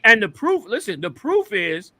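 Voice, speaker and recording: A man's voice: high voice, wildly swooping pitch, normal speed, sharp tone. A man hosting an online show, giving heated, emphatic commentary over video clips and repeating his points like a preacher. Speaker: host.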